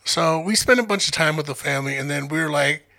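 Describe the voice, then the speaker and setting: Young man from Denver, podcast co-host, gravelly, bright and slightly high voice, profane storyteller. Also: quick pace. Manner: profane, animated storyteller who acts out quotes. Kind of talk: casual storytelling chat.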